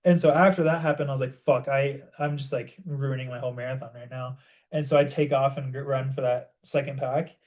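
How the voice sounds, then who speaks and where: A young man co-hosting a podcast, telling a story in animated casual chat and saying "like" constantly. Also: mid-range voice, fairly quick. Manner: animated storytelling, heavy use of "like". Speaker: podcast co-host.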